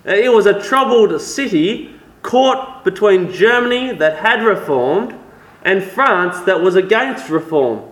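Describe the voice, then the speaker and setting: A man's voice: high-pitched, lively intonation, a little slow. An Australian man playing a shy, scholarly French church reformer from the 1500s in a costumed interview, explaining his story earnestly. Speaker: costumed historical guest. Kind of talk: in-character interview. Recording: roomy echo.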